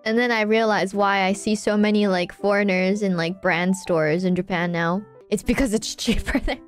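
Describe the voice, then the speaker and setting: A woman's voice: medium pitch, fairly even intonation, moderate pace, soft background music. A woman streamer chatting casually, telling a rambling, giggly story with many restarts.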